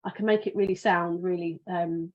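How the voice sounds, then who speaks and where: A woman's voice: lowish voice, steady tone, normal speed. A British woman hosts a podcast in a loose, chatty monologue, sounding sleepy as she wanders from point to point and breaks off mid-sentence. The recording is dull and a little lo-fi. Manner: chatty, rambling, restarts sentences. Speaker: podcast host.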